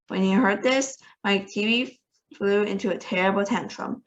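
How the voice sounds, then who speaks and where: A woman's voice: medium pitch, normal speed, highs cut off. A woman reading a children's novel aloud. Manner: lively, expressive narration. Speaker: storybook reader.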